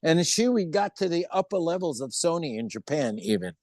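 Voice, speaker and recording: Animated older man telling a story. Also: fairly high pitch, fairly quick, no room sound. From United States. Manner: animated storyteller acting out quoted voices, swears freely. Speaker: interview guest. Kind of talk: casual anecdote telling.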